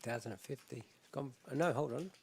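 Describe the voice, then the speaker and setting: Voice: mid-range voice, brisk, creaky, darkish tone, a little hiss or hum. A co-commentator calling live poker hands in a laid-back way and laughing easily.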